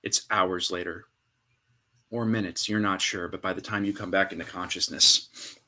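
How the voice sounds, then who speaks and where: A man narrating a tabletop game as game master, with dramatic storytelling and hushed pauses. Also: low voice, fairly even intonation.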